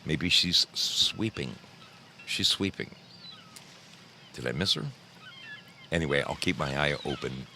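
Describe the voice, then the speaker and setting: A man's voice: sits low, bright, forceful tone, a little hiss or hum. A man hosting a casual livestream, greeting viewers by name in a folksy, chatty way from a home studio. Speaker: livestream host.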